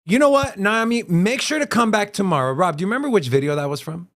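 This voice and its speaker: A man's voice: high voice, animated, fast talker, a bit bright. A man co-hosting a crypto livestream in casual chat, joking with his co-hosts and ranting heatedly about the news.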